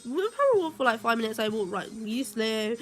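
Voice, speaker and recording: A woman's voice: a little high, sing-song, fast, soft background music. A young woman telling a rambling story to her vlog viewers, with many fillers and heated bursts. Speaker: vlogger.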